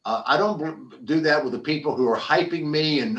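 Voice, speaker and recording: An older man tells stories in an animated interview, stumbling over restarts and repeated words. His voice sits a little high for a man. He sounds slightly distant from the microphone. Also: brisk, hardly any pauses. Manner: animated storyteller, frequent restarts and repetitions. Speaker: podcast guest, former football player and business founder. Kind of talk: conversational interview storytelling.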